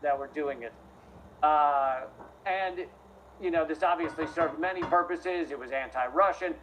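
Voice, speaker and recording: A man's voice: a little high, a little slow, fairly bright tone, slight background noise, low-quality recording. A man in a played clip delivering a sardonic, scornful political commentary monologue.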